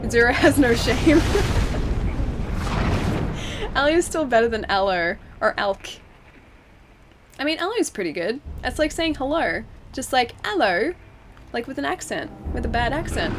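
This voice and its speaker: A woman game streamer talks in a fairly high, bright voice, full of giggles and loose tangents. She chats casually with her viewers from home, with a faint hum behind her. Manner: giggly, chatty, rambling. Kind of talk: casual live-stream chat. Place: home, wrapped in a blanket.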